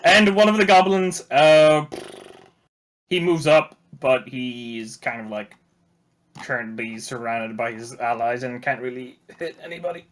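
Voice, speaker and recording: A man narrating as dungeon master in a casual tabletop game, relaxed and quick to laugh, swearing freely. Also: medium pitch.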